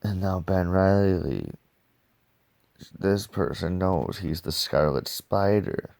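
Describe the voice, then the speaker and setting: A man casually reviewing comic books in a loose, slangy, excitable way. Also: deep voice, takes it slowly, gravelly.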